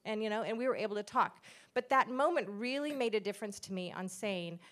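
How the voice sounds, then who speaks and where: A middle-aged woman shares a church testimony in an earnest, conversational way. She speaks at an ordinary, middle pitch and acts out the lines she quotes from others. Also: brisk, a bit bright. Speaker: pastor's wife sharing a testimony.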